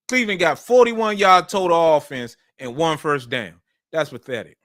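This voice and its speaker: A man's voice: fairly high pitch, expressive, moderate pace, a bit bright, smooth, no room sound, studio quality. A man hosting a sports show, talking casually and emphatically about football and repeating his points. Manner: repetitive, emphatic, colloquial.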